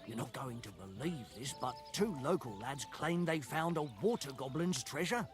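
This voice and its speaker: A man voicing a gossipy medieval innkeeper, mid-pitched voice, game dialogue, clear music underneath. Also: lively intonation, normal speed, natural voice. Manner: gossipy, informative. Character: chatty medieval village innkeeper.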